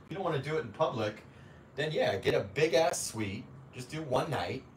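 A young adult man hosts a casual livestream, reading viewer comments and teasing his audience with profane, jokey banter and frequent laughter. His mid-range voice is expressive and at normal speed. He's far from the mic, so the audio is off-mic with a roomy echo and a faint hum.

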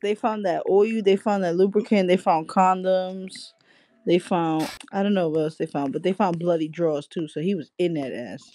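A woman's voice: fairly low pitch, normal speed, long pauses, warm tone. A woman gossiping bluntly and laughing with a stranger on a video chat. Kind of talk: casual gossip.

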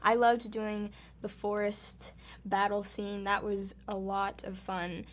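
A woman actress being interviewed, talking softly and casually. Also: mid-range voice, little pitch movement, slow pace. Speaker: actress guest.

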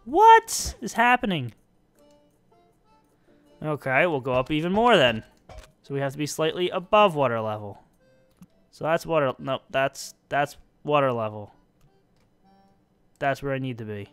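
A man's voice: mid-range voice, normal speed, long pauses, a bit bright, clear, resonant tone, dry recording, soft background music. A young man giving casual, self-mocking commentary while playing a building game, talking to himself as he works. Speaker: let's-play gamer.

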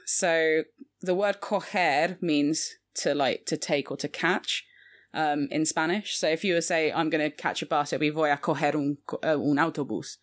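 A woman's voice: low voice, fairly even intonation, moderate pace. A young woman in her twenties, a Spanish teacher, chatting casually and laughing often with many fillers. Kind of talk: casual podcast chat.

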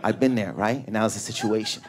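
A young man from Canada doing a high-energy, neurotic stand-up routine on a comedy club stage, acting out characters. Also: fast. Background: audience laughing.

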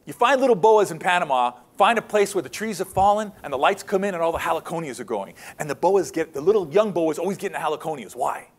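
A man giving a lively storytelling talk on wildlife photography to an audience, acting out the quotes and dropping into hushed asides. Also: a little high, fast talker, few pauses. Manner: animated, acts out quotes, drops to hushed asides. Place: presentation hall.

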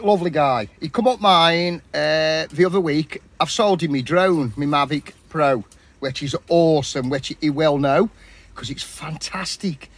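A man chatting casually and matily while cooking outdoors at a campsite. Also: on the high side. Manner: chatty, matey, rambling. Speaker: vlogger.

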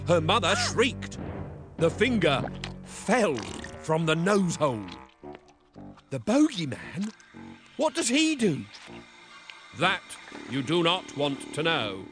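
A man's voice: on the high side, huge pitch swings, slow, pauses often. A man narrating a gruesome cautionary tale in a gleeful, theatrical storytelling style. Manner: gleeful, theatrical, relishing the gross details. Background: music.

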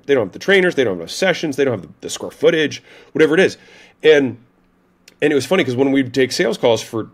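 A man telling a story as a podcast guest, in a casual, animated way, often saying "like" and "right?" and swearing now and then. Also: medium pitch. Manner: animated retelling, frequent "like" and "right?", occasional swearing.

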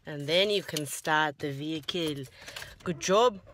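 A woman's voice: low-pitched, unhurried, fairly bright tone, slight background noise. A young woman from Southern California, chatting casually in a vlog and talking sweetly to animals. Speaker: vlogger and cat sitter.

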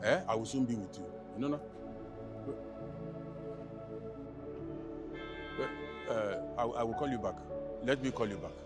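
An actor with a Nigerian accent playing a boastful, philandering husband known as Chief, mocking and blustering. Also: male voice, mid-range voice, fast talker, close to an everyday voice. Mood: soothing. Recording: distant mic with faint film music.

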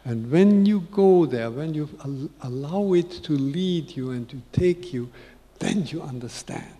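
A man in his eighties gives an unhurried, reflective spiritual talk to an audience, repeating key phrases for emphasis. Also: fairly high pitch, expressive, dark tone. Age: 80s. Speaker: spiritual speaker. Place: large conference hall. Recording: long reverb of a big hall.

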